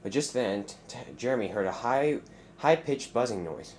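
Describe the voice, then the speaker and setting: A man's voice: medium pitch, lively intonation, moderate pace, darkish tone, slight background noise. A man narrating a fan-made story in a plain storytelling way, with restarts.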